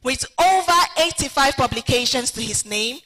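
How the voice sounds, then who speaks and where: A woman's voice: high voice, animated, normal speed, bright, forceful tone. A woman hosting a conference, leading affirmations and introducing speakers with rousing energy. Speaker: event host. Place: large conference hall. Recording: echoey hall with faint music.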